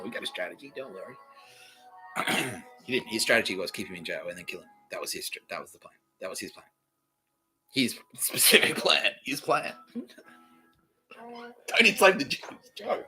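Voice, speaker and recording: A man hosting a podcast, rambling through a profane monologue that swings from low mutters to loud outbursts. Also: low-quality recording. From Australia. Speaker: podcast host.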